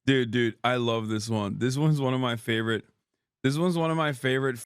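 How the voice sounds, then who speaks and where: A man's voice: medium pitch, fairly quick, smooth, no room sound, studio quality. A man in his thirties giving sarcastic, profane commentary as a streamer host, laughing often. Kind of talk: casual commentary.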